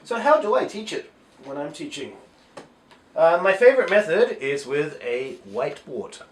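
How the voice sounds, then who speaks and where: A man's voice: on the high side, sing-song, normal speed. A male English teacher giving a casual phonics tutorial, explaining step by step with frequent "so" and "uh" fillers. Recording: echoey room.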